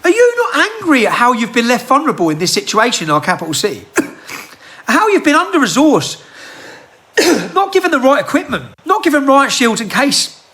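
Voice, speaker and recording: His voice very high and sharp, this political commentator speaks into a handheld phone, ranting heatedly to camera. The impassioned monologue is filled with rhetorical questions.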